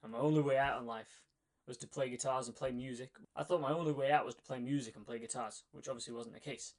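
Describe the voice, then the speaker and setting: A young man telling his own story in a casual monologue, energetic and emphatic, repeating phrases for effect and a little out of breath. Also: mid-range voice, quick pace. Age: young adult. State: slightly out of breath. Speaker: vlogger.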